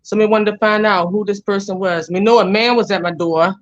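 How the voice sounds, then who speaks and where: A woman's voice: medium pitch, fairly even intonation, brisk. Interview guest: woman with a Jamaican accent, rambling and blunt, on muffled lo-fi audio. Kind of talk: casual interview storytelling.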